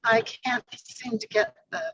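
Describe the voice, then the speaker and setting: A woman's voice: high voice, very animated, measured pace, gravelly, fairly bright tone, no room sound, recorded from a distance. A woman in an online study group, flustered and hesitant, speaking from away from the mic on a dull, lo-fi video call. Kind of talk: casual talk.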